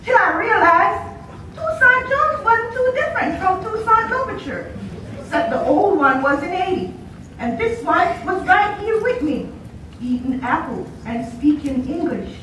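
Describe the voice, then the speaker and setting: A woman's voice: very high-pitched, sing-song, a little slow, fairly bright tone, slight background noise. A woman performing a theatrical monologue, telling a story with voiced quotes from a stage, recorded from a distant camera. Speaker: student performer. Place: stage or hall, recorded from far off. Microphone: distant camera mic. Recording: very echoey hall from far off.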